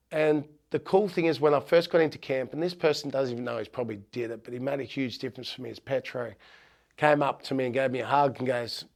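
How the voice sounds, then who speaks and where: A middle-aged Australian, once a rugby league player, shares heartfelt stories in a podcast interview, often restarting his sentences. His medium-pitched voice moves a little fast, with vocal fry and a slightly mellow quality.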